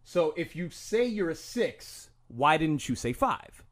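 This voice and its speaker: A man's voice: fairly high pitch, big pitch swings, takes it slowly, a bit bright. A young man on a podcast, chatting casually, explaining things with acted-out quotes, stumbling restarts and swearing. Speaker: podcast host. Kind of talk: casual chat.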